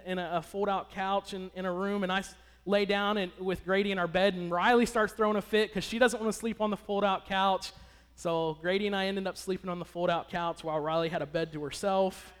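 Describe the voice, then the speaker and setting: High-voiced man telling a story in a hall. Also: smooth. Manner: conversational, asks the audience questions. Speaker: speaker addressing an audience. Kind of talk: personal story told to an audience. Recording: long hall reverb.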